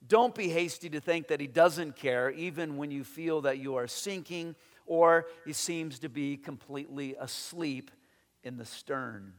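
A man preaching a sermon as pastor, animated, acting out quoted voices and often repeating his words. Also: on the high side, measured pace, in a large hall.

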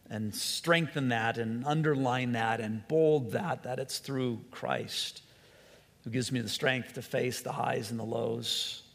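A man preaching a sermon, earnest and repetitive, sometimes dropping to a soft, quiet voice. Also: medium pitch, creaky. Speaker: pastor. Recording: long hall reverb.

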